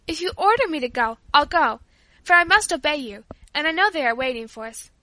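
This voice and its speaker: A woman's voice: high voice, animated, a little fast, bright, forceful tone, dry recording, pitched above the performer's own voice. Woman doing a pleading, sweet young girl. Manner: pleading, coaxing. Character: eager tender-hearted young girl.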